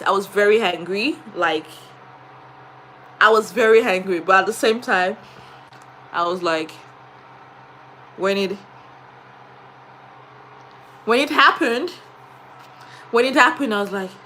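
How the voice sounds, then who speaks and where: A woman who teaches diction and etiquette, chatting live and telling a story in an animated way, often laughing. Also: mid-range voice, unhurried, long pauses, slight background noise, low-quality recording. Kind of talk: casual live stream chat.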